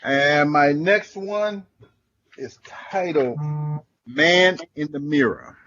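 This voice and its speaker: A man's voice: fairly high pitch, drawn-out words, pushed and bright, dull audio. A man at an open mic who chats casually about computer trouble, then reads his own poems. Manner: casual and chatty before reading. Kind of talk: poetry reading.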